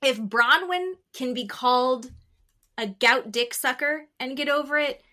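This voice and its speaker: A woman co-hosting a casual podcast recap, animated and swearing freely as she acts out quotes. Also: high-pitched, unhurried. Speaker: podcast co-host.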